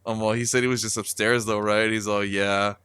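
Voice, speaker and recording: Low, smooth-voiced man telling a rambling story. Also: level tone, fairly quick, a bit bright, no room sound, studio quality. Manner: rambling, profane, many fillers. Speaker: podcast co-host. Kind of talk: casual storytelling.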